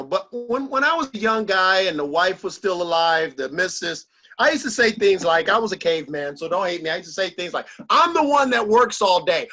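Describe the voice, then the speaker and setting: A middle-aged man speaks in a notably high, bright voice as he gives a motivational talk to a small group. He tells stories in an animated way and acts out the lines he quotes. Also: dull audio.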